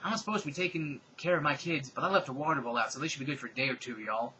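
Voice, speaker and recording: A man's voice: mid-range voice, rapid-fire, pushed and bright, highs cut off, a little hiss or hum, lightly acted. A man voicing a ditzy, sweaty Southern pop-star woman who drawls and says "y'all" often. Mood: rambling. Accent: American Southern (put on).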